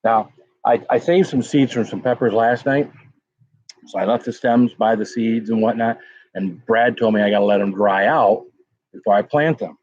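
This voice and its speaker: A man's voice: fairly low pitch, normal speed, a little mellow, dry recording. A man hosting a casual pepper-tasting livestream, rambling and greeting viewers in chat by name. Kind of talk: casual live-stream chat. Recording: dull lo-fi sound.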